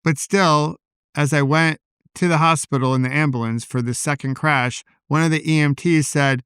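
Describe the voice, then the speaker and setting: A man hosting a solo podcast, talking in a calm, personal, reflective way into a podcast microphone. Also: fairly high pitch, moderate pace, clear, resonant tone, no room sound, studio quality. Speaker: podcast host.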